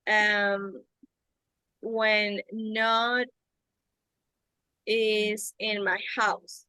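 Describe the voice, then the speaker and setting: A young Ecuadorian woman, a native Spanish speaker, answering in halting learner English with many pauses and fillers. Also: mid-range voice, level tone, bright, forceful tone, smooth, no echo, low-quality recording. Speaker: student.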